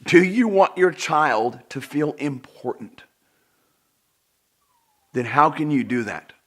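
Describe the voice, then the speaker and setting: A middle-aged man delivers a personal development talk straight to the viewer. He is emphatic and earnest, repeats words to drive points home, and his voice swings widely between loud peaks and quiet drops. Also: a little high, animated, takes it slowly. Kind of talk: direct-to-camera self-help talk.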